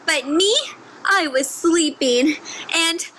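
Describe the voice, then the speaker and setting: A woman voicing a sulky male bear who feels left out, speaking in slow rhyme. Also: high voice, sharp tone, a little hiss or hum, full character voice.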